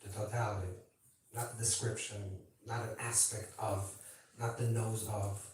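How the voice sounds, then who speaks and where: Rabbi teaching in a very echoey room. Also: male voice, on the low side, little pitch movement, a little slow, darkish tone, far from the mic, slight background noise. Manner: conversational, keeps checking in with listeners; playful asides and banter with the audience. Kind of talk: informal teaching talk at a gathering.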